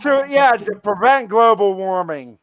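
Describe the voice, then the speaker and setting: A man hosting a casual live stream, excitable and laughing often as he reads out odd news. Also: sits high, a little slow, crowd noise. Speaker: streamer host.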